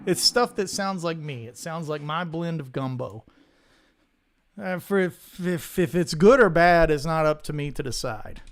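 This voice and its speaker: A man, hosting a casual guitar livestream, talking in an animated, rambling way and often repeating his words. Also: on the high side, measured pace. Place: home studio.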